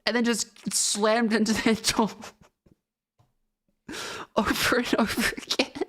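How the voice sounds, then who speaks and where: A woman's voice: a little high, flat delivery, slow pace, fairly bright tone. A young woman streamer chatting casually, telling a rambling story full of laughs and swearing. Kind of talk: casual chat.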